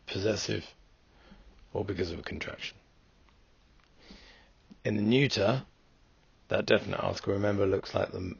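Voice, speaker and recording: A man's voice: fairly low pitch, creaky, breathy edge, dry recording, highs cut off. A man teaching a language lesson, going through word forms step by step in a methodical way. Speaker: Greek teacher. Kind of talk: recorded lesson walkthrough.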